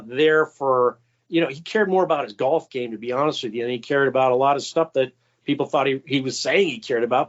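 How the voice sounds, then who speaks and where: A man recounts behind-the-scenes stories as an interview guest, chatty and anecdotal. His voice sits a little high for a man. The audio is dull and lo-fi. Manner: anecdotal, acts out quoted voices with raised pitch. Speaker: guest, former White House stenographer. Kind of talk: storytelling interview answers.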